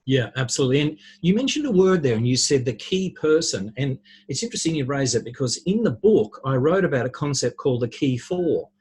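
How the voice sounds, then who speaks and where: A man, a podcast guest, explaining ideas with lively anecdotes and worked examples. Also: mid-range voice, a little fast, few pauses, slightly rough. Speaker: podcast guest, relationships speaker. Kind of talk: conversational storytelling.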